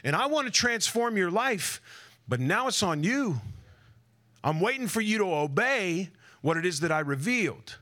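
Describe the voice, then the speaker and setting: Man putting on God's voice, stern, patient, fatherly, chiding, pitched up high. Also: sing-song, normal speed, bright, forceful tone, full character voice. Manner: scolding, chiding by name. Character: God, a stern but patient fatherly deity.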